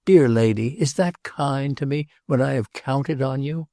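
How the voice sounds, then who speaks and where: A man's voice: medium pitch, unhurried, dry recording, clean studio sound, voice pushed up, close to an everyday voice. A man playing a jealous, agitated prince. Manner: excited, pleading, repeats himself. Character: jealous agitated nobleman, tormented.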